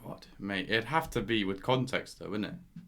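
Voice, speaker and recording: A man's voice: fairly low pitch, animated, moderate pace, a bit bright, slight background noise. A young man, co-hosting a casual podcast chat in a laid-back, wry way. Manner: laid-back, wry, says mate a lot. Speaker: podcast co-host.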